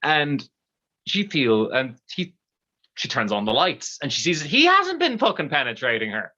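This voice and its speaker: An Irish storyteller telling a bawdy comic tale live, lively and conversational. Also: medium pitch, moderate pace, lo-fi sound.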